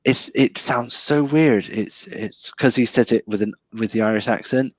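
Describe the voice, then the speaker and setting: A man's voice: mid-range voice, normal speed, dry recording. A man talking about a film as a guest in a casual chat, hesitant and full of restarts. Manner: hesitant, restarts with many ums.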